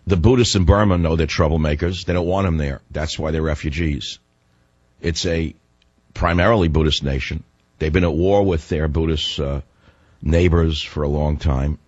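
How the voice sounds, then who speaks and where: A middle-aged man hosting a radio talk show, hoarse as his voice gives out, ranting in a fiery, combative way. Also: a bass voice, fairly even intonation, moderate pace, darkish tone, no echo, highs cut off. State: hoarse, voice going.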